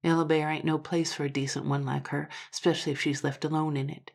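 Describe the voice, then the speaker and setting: A woman voicing an earnest, rough-spoken frontier man who pleads in folksy words. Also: sits low, flat delivery, fast talker, a little mellow. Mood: concerned.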